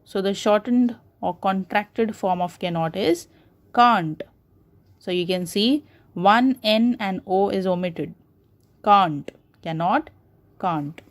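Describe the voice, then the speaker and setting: Woman teacher, Indian English accent, slow and patient, repeats examples for kids. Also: medium pitch. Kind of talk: classroom grammar lesson.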